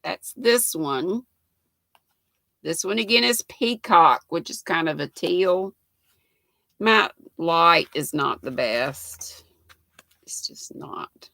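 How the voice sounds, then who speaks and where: An older woman hosting a casual livestream, chatting about yarn and reading comments with easy laughter. Her voice is bright with a gravelly edge, and she takes her time. The sound is dry and close. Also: lowish voice, slow pace, long pauses, dry recording. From United States. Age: 60s. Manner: chatty, laughs often, reads comments aloud. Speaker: livestream host reading chat. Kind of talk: casual chat.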